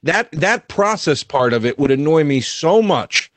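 A man's voice: a little high, expressive, unhurried, a bit bright. A man, a guest comedian, telling a story in profane, exasperated casual banter.

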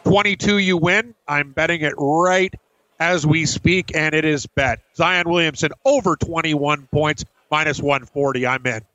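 A man's voice: a little high, steady tone, a little slow, bright, forceful tone, no echo, dull audio. A man co-hosting a sports betting show, telling stories in a heated, emphatic way. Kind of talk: casual sports betting chat.

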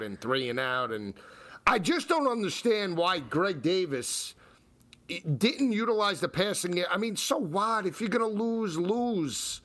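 Man, sports radio co-host, high voice, excitable, joking rants.

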